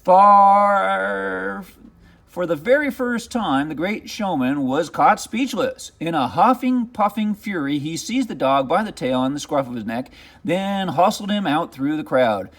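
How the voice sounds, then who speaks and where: A man reading a children's picture book aloud as narrator, with expressive, dramatic storytelling. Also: sits high, a little slow, gravelly.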